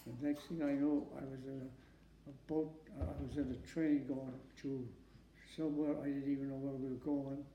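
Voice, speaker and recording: A man in his nineties from Massachusetts, a war veteran giving an oral history interview at home, who speaks haltingly, repeats words and often asks for questions again. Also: medium pitch, little pitch movement, dark tone, muffled recording, a little hiss or hum. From Massachusetts, USA. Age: 90s. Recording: echoey room.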